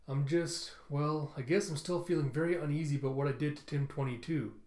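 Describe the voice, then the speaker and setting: A man's voice: fairly high pitch, fairly even intonation, fairly quick, darkish tone, close to an everyday voice. Brief: meek boy robot, read by a man, polite and uneasy, roomy sound. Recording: roomy echo.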